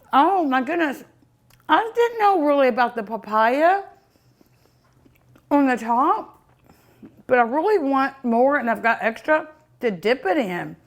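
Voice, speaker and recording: With a fairly high, animated voice, this cooking show host speaks slowly and leaves long pauses. She samples her food with happy mmms, occasionally with her mouth full, chatting away to both her dog and her audience in a casual tasting vlog.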